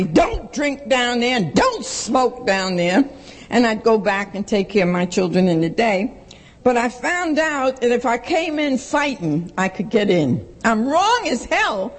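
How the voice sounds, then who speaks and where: A woman's voice: mid-range voice, poor audio. A woman giving a blunt, emphatic personal testimony to a recovery meeting and repeating lines for stress.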